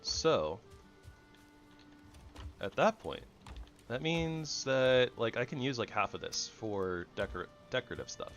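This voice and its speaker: A man giving goofy, rambling commentary over his own gameplay, jumping between loud excitement and soft mumbling. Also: mid-range voice, takes it slowly, long pauses, lo-fi sound, faint music behind. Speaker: gaming channel host.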